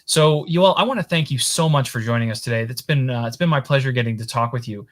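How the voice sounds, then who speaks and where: A man's voice: mid-range voice, fast talker. A man hosting a casual interview over a video call, friendly, with hesitant restarts. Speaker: show host.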